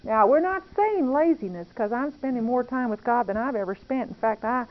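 Brief: earnest, confiding woman on prayer, fairly high voice, muffled lo-fi sound. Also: expressive, moderate pace. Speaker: Christian speaker. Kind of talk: testimony-style talk on prayer. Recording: dull lo-fi recording.

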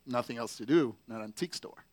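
A man's voice: mid-range voice, quick pace, a little mellow. A man telling a story in a casual, chatty way, full of fillers and wry asides.

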